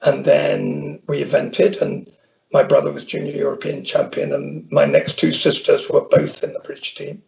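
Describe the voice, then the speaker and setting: A man's voice: fairly high pitch, little pitch movement, normal speed, gravelly, darkish tone, a little hiss or hum. An older man from Northern Ireland, a guest in an interview, telling rambling anecdotes with many restarts. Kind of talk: conversational storytelling. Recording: dull lo-fi audio.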